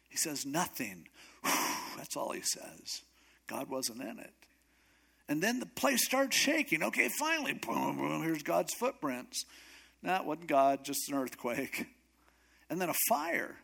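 A man's voice: fairly high pitch, vocal fry, a bit bright, slightly rough. A man preaching a sermon who retells a Bible story in a casual, humorous, conversational way. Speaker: pastor.

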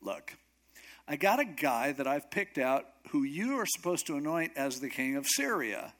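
A man's voice: a little high, very animated, moderate pace, a bit bright. A man voicing God in a sermon retelling as a blunt, matter-of-fact figure who hands out orders.

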